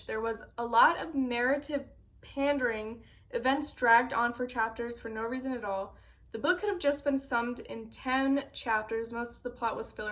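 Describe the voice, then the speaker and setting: A young woman in a casual book vlog, reacting with animated, dramatic bursts of mock outrage. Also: on the high side. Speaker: book vlogger.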